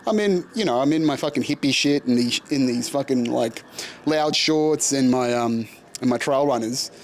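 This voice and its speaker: A man's voice: medium pitch, moderate pace, darkish tone, slight background noise. A young Australian man with a casual podcast manner, telling a story with a lot of swearing and frequent laughter. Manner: laughs often, profane, self-mocking. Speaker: podcast host.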